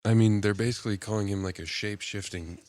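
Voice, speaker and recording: A man with a very low voice co-hosting a podcast in relaxed conversation. He mostly chimes in with brief, dry remarks and questions. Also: fast talker, no room sound. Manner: short wry interjections. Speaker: podcast co-host. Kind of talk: casual chat.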